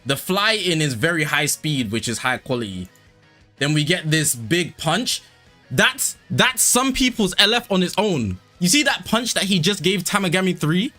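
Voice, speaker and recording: A man's voice: high voice, very animated, normal speed, bright, forceful tone. A young man doing casual, slangy live commentary over a mobile game as a streamer. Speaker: gaming streamer. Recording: stream with game music behind.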